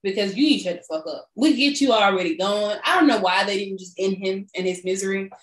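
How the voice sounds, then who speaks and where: A woman's voice: fast talker, few pauses. A woman guest on a podcast, chatting expressively about a movie with casual swearing. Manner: expressive, swings pitch for emphasis, swears. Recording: roomy echo.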